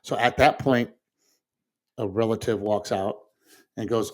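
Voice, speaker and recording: A grieving man, co-host of a talk show, telling a personal story in casual conversation, halting and restarting, with soft laughs. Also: fairly low pitch, steady tone, a little hiss or hum. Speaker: podcast co-host.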